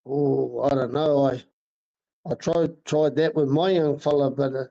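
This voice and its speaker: A middle-aged man, a racing driver talking haltingly in a casual interview. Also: mid-range voice, steady tone, gravelly, mellow. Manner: halting, many fillers and restarts. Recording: dull lo-fi sound.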